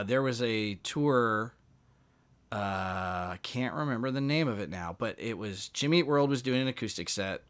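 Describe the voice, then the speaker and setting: Guy on a podcast, bright voice, rambling story, does little voices for the people in it. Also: lowish voice. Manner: animated, acts out quoted dialogue. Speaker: podcast guest, musician. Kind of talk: casual storytelling.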